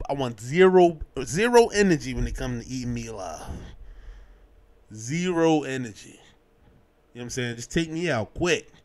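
A man hosting a casual podcast, talking in a lively, slangy way and acting out scenes as he recaps a show. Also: mid-range voice. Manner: animated, slangy, acts out scenes with quoted voices. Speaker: podcast host.

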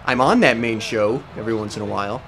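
A man's voice: fairly low pitch, quick pace, a bit bright. A young man casually commenting over gameplay at home, rambling, self-mocking and swearing often. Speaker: let's play host. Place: at home with a cat.

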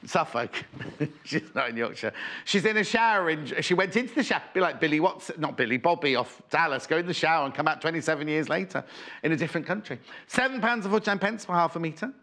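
Chatty, lively man presenting on TV. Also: a little high, fast talker. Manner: chatty, rambling, reads out viewer messages. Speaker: shopping channel presenter. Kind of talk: live TV selling chat. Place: TV studio. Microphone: earpiece and presenter mic.

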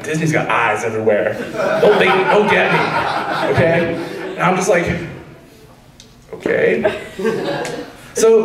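Young male comic, high lively voice, rambling, roomy hall, distant mic. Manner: rambling, animated, laughs at his own story. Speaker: stand-up comedian. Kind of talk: stand-up storytelling.

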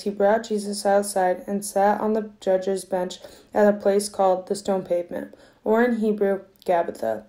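Soft-spoken woman reading scripture. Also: medium pitch. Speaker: scripture reader. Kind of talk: reading the Passion aloud in church.

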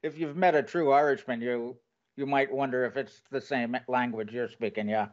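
A man hosting an interview show, enthusiastic and quick to laugh as he asks his guest questions. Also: mid-range voice, steady tone, muffled recording. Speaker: podcast host. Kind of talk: conversational interview.

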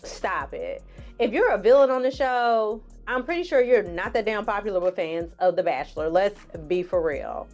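Sassy, animated woman in her forties. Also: medium pitch, normal speed, dull audio, soft background music. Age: 40s. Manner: sassy and animated, calls viewers honey, laughs often. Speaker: online TV reviewer. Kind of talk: casual reality show recap.

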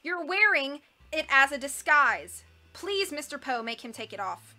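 A woman's voice: high-pitched, very animated, a little slow, sharp tone, heavily acted. A woman reading aloud, voicing an earnest, bookish teenage boy who speaks in an urgent, indignant way.

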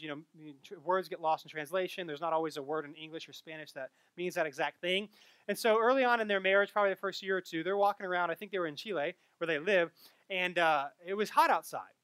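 A young adult man giving a sermon as a pastor, telling stories in an animated way that rises and gets louder at the punchlines. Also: high-pitched, no room sound. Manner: animated storytelling, rising loud at punchlines.

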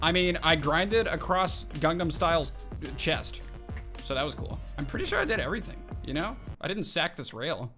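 A man hosting a gaming video, giving excitable live commentary full of exclamations as he plays. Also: a little high, normal speed, music in the background. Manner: excitable, exclaiming and self-hyping. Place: at a home computer desk.

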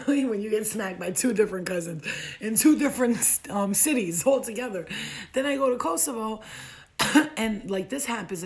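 Gravelly young woman telling a wild story. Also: mid-range voice. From United States. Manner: animated, profane, acts out quotes in a raised voice. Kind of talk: casual storytelling.

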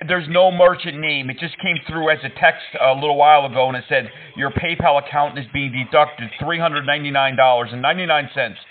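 A man's voice: on the high side, steady tone, a little fast, hardly any pauses. Taunting man on a phone line. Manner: mocking, taunting, feigned innocence. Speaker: prank caller. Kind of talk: prank phone call.

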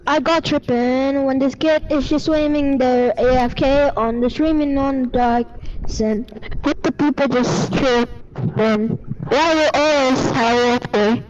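High-pitched woman gaming and trash-talking, unhurried talk with sudden yells, faint hum behind. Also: steady tone, lo-fi sound. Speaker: gamer recording her match. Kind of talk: casual gameplay commentary.

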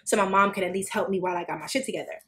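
A woman on a podcast telling a personal story in casual chat, swearing freely and acting out quotes with sudden high, loud bursts. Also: rapid-fire. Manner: animated, swearing, acts out quotes with big jumps in pitch. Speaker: podcast co-host.

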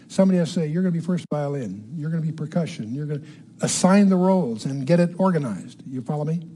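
A man's voice: fairly high pitch, dark tone. Older man teaching Bible with emphasis. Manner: emphatic, repeats key words, asks the audience questions. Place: room with a live audience.

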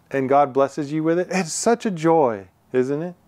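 A man's voice: on the high side, moderate pace, a little mellow, no echo. A man preaching a conversational sermon as pastor, earnest and chatty, often asking the congregation rhetorical questions.

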